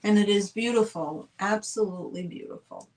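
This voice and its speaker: A woman from the northern United States hosts a live online sale, gushing and chatty as she talks straight to viewers. Her mid-range voice is darkish and at normal speed, and the low-quality recording carries a little hiss or hum.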